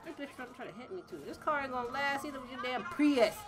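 A young woman, giving loud, excitable gameplay commentary, swearing often, shouting and laughing as she plays. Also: sits high, fast talker, noisy background. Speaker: gaming streamer.

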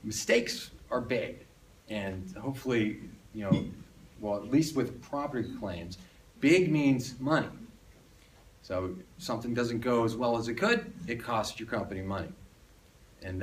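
A man presenting at a business lunch, telling an animated story with rhetorical questions to the room. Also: medium pitch, slight background noise. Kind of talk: conference talk telling a story. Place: restaurant function room. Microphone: phone on tripod across the room. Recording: distant phone recording.

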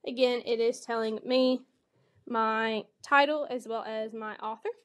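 Speaking unhurriedly in a slightly high, steady voice, a woman teacher models a read-aloud lesson for young kids, walking through every step and giving the animal sounds expressive voices.

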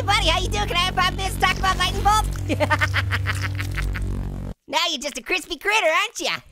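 A man voicing a hyper, pun-loving talking orange, hosting gameplay commentary in a squeaky, sped-up high voice with constant giggly laughs. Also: heavily acted. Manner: manic punning, constant cackling laughs. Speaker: let's play host. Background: game music.

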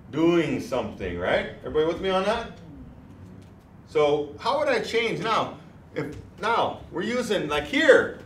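A man teaching a language class, saying words slowly and clearly so the students can repeat them. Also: sits high. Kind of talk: classroom lesson. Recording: echoey room, mic far off, faint noise.

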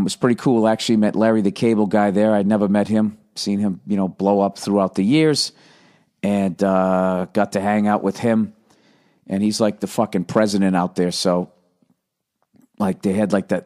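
A middle-aged man from the United States talks through a loose, profanity-laced story, drifting from one tangent to the next. His voice sits fairly low, and he drops into quick mock voices as he goes. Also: a little mellow. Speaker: podcast host. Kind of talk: casual solo monologue.

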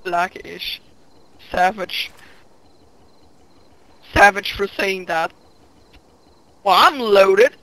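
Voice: mid-range voice, very slow, long pauses, a bit bright, dry recording, poor audio. A gamer chatting casually while playing, swearing freely and trash-talking enemies. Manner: profane trash talk. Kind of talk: casual gameplay chat.

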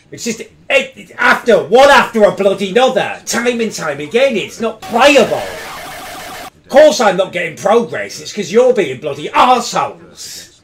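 A man, livestreaming and yelling angry, swearing commentary at his game and his chat. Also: high voice. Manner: shouting, swearing, exasperated outbursts. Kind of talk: raging live gameplay commentary.

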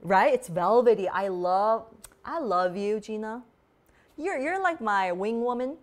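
Hosting her beauty vlog, a woman talks in a slightly high, animated voice at a somewhat slow pace. Her live demo chat is bubbly and relaxed, with "like" popping up constantly.

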